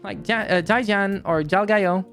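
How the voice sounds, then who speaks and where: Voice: medium pitch, unhurried, fairly bright tone, faint music behind, voice pushed up. A streamer voicing a bubbly, gyaru-like young woman in a visual novel, reading her lines in a cheerful, chatty way.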